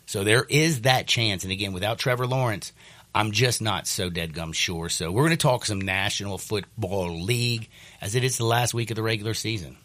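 A male sports radio host, congested from sinus trouble, talking in a rambling, animated, jokey way. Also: lowish voice. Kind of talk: sports talk radio chat.

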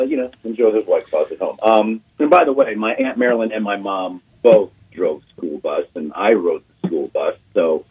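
A man in his sixties, a guest on sports radio, telling an animated story and acting out quotes, repeating himself as he goes. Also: sits low, husky. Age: 60s. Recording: phone-line call on radio.

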